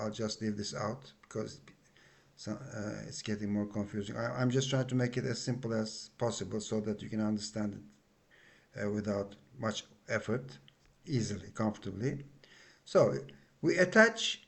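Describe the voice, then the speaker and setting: A man's voice: lowish voice, gravelly. A man with a Turkish accent giving a spoken grammar lesson, explaining patiently and repeating himself with many fillers. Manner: slow, patient explaining with frequent fillers and repetitions. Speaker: language teacher.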